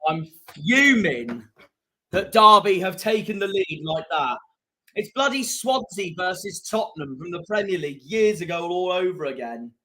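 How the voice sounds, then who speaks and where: A young man, live-streaming a football watchalong, grumbling and fuming at the scores, dropping to mutters and rising to shouts. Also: sits high, animated, moderate pace. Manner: frustrated, ranting, swings between muttering and shouting.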